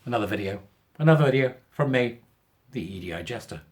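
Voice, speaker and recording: Sarcastic man with a lively voice. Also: medium pitch, fast talker. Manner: sarcastic, mocking, with repeated asides. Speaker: channel host. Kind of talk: casual commentary.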